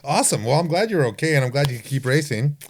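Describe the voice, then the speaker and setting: A man's voice: on the high side, expressive, fast. A man hosting a podcast, casual and joking, tossing in sponsor plugs. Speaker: podcast host. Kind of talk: casual chat.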